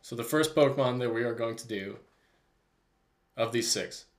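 A man's voice: medium pitch, moderate pace. Young male co-host, giggly and playful, easy mid-range voice. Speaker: podcast co-host. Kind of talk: casual chat.

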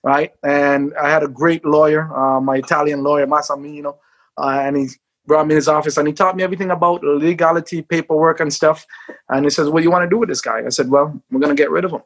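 A man, a former sprinter, telling his life story in an interview, acting out quotes and shouting at the peaks. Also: a little high, fairly even intonation, fast talker.

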